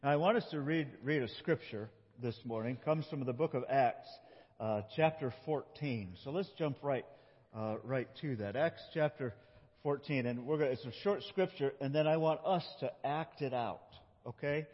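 Husky playful male pastor in church. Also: mid-range voice, normal speed. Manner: playful, animated, talks with children. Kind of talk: children's sermon with kids acting out scripture. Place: church sanctuary. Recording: dull recording in a big reverberant church.

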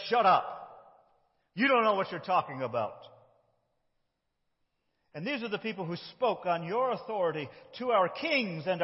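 A man preaching a conversational sermon, moving between loud and quiet phrases. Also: high voice. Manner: conversational, with shifts between loud and soft delivery. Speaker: pastor. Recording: dull sound with long hall reverb.

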